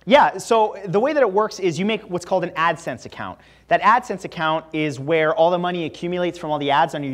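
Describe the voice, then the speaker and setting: A young man from Canada speaks to a college audience in a lecture room. His voice sits a little high for a man, and he talks in a loose, chatty way full of fillers and asides. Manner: casual, chatty, lots of "like" fillers. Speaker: guest speaker. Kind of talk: campus talk with Q&A.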